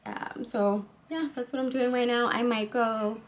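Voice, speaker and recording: A woman's voice: a little high, fairly even intonation, unhurried. A woman in her thirties chatting casually to her phone camera for a home vlog, full of fillers like "like" and "so yeah". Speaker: vlogger.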